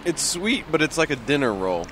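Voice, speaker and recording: A man chatting casually in a dry, low-key way on a balcony above a busy street. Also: sing-song, normal speed, fairly bright tone. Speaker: co-host. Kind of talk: casual chat. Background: street traffic.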